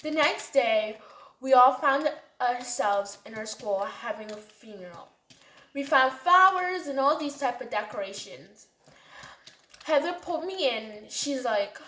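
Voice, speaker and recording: A woman's voice: high-pitched, expressive, measured pace, pushed and bright. A woman narrating a storytime in a chatty, casual way. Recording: roomy echo.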